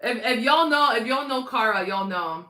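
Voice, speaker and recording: A woman's voice: fairly high pitch, moderate pace, echoey room, slight background noise. Bubbly young woman chatting with viewers. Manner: chatty, animated, talks to viewers in chat. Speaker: livestream host. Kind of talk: casual livestream chat.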